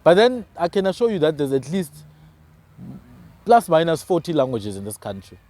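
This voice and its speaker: A man's voice: on the high side, sing-song, normal speed, darkish tone. A South African man hosting a casual discussion, talking emphatically and often tagging his phrases with "man". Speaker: podcast host.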